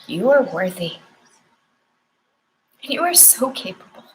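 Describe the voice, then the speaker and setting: Young woman card reader, soft affirming tone, emotional, faint hum behind. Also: medium pitch, animated, measured pace, rough recording. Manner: tender, emotional, affirming, near tears. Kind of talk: spiritual card reading with affirmations.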